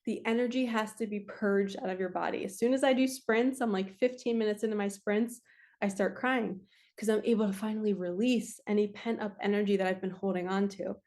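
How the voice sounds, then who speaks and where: A woman's voice: medium pitch, fairly even intonation, a little fast, a little mellow. A woman, earnestly giving a casual spiritual card reading. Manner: earnest, emotional, spiritual-coaching talk. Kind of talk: casual tarot-style energy reading.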